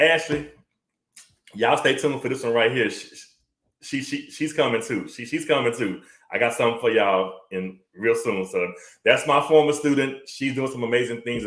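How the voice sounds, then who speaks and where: A man hosting his live web talk show, talking in an excited, chatty way and often repeating himself. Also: mid-range voice, echoey room, rough recording. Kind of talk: energetic livestream monologue.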